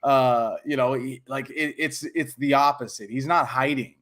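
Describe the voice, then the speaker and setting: Excited podcast guy, rambly, keeps restarting, mid-pitched voice. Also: normal speed. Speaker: podcast co-host. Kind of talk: casual chat.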